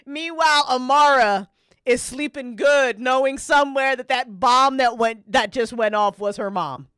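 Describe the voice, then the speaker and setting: A woman's voice: sits high, measured pace, a bit bright, clean tone, dry recording. A woman hosting a casual livestream, reading game events aloud and reacting with frequent laughter and swearing.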